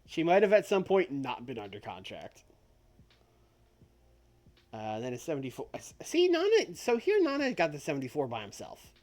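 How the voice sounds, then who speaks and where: A man casually commentating on a wrestling booking game he streams, in an animated, jokey, rambling way. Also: a little high, moderate pace. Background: faint background music.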